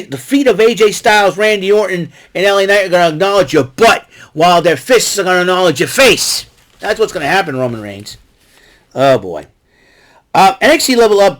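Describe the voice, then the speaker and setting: Excitable rambling man recapping wrestling. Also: on the high side. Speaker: podcast host recapping wrestling. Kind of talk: casual solo recap show.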